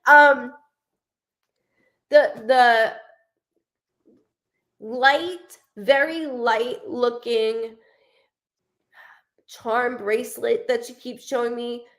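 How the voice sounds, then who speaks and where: A middle-aged woman giving a live psychic reading, chatty and full of quick asides, often quoting the spirit in the first person. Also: on the high side, fairly even intonation, fairly bright tone. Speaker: psychic medium.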